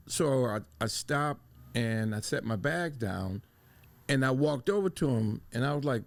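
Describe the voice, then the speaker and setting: A man's voice: medium pitch, animated, unhurried, gravelly. A middle-aged man from Detroit, a podcast co-host, talking in a casual discussion and telling stories with many restarts.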